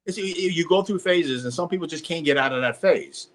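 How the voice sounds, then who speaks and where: A man's voice: fairly high pitch, brisk. A man co-hosting a casual podcast chat, speaking emphatically and preaching about working out. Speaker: podcast co-host.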